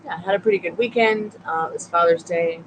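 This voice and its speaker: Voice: mid-range voice, fast talker, fairly bright tone, highs cut off, slight background noise. A tarot reader hosting a casual late-night live stream from a couch at home, chatting with viewers and the dog, sleepy and yawning.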